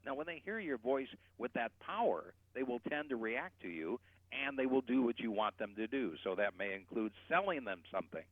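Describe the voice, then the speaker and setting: A man explaining voice technique as a guest voice coach, animated and shifting his loudness to demonstrate. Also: mid-range voice, brisk, no room sound. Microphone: telephone. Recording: tinny phone line.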